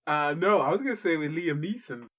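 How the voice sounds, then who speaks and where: A man's voice: fairly high pitch, expressive, fairly bright tone. A man co-hosting a podcast in casual chat, hesitant and stammering. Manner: hesitant, stammering, quick to laugh. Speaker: podcast co-host.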